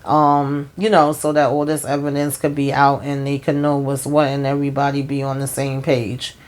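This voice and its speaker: A woman's voice: extremely low pitch, monotone, moderate pace, darkish tone. A woman giving a casual, rambling recap of a TV episode, full of fillers like "um" and "you know" and talking straight to her viewers. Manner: chatty, speaks to viewers directly. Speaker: TV show recap host.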